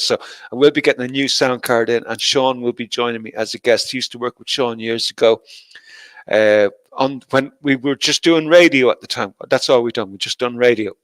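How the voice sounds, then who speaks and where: A man's voice: medium pitch, fairly bright tone, dry recording. Guy rambling to his livestream chat, swears constantly, laughs a lot, dry close sound. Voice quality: profane, laughs often, talks to chat. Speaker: livestream host.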